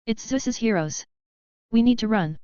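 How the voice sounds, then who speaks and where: A woman's voice: a little high, animated, unhurried, mellow, smooth, no room sound. A loyal, protective male wind spirit, voiced by a woman in an audiobook, pressing and urgent. The recording is slightly dull and lo-fi.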